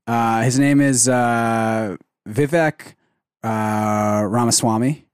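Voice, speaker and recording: A man's voice: mid-range voice, fairly even intonation, takes it slowly, clean tone, no room sound, clean studio sound. A man co-hosting a casual comedy podcast, rambling with lots of fillers and amused by his own jokes. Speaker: podcast co-host. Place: Canadian studio show.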